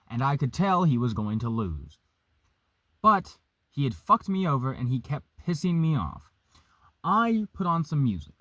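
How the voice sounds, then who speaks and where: A young man casually telling a story, profane and animated, vaping as he talks. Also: mid-range voice, no room sound, clean studio sound. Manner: vaping while talking.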